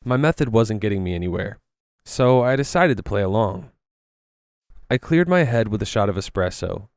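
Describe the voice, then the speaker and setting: A man with a lowish, smooth voice reads a first-person story aloud at a steady pace while gaming. The sound is dry and close. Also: moderate pace, no room sound. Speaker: story narrator.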